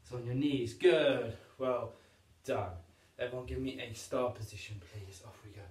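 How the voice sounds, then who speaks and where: A man's voice: mid-range voice, moderate pace. A man leads young children through a PE lesson from home, upbeat and encouraging as he counts down and shows each move. He stands a way off from the camera, so his voice is distant. The room gives it a roomy echo. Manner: upbeat, encouraging, demonstrating moves while talking. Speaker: PE teacher.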